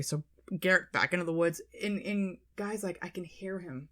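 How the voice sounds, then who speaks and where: Female podcast co-host, casual storyteller, animated, salty language. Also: medium pitch, moderate pace. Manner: animated retelling, swearing, quoting people in their voices.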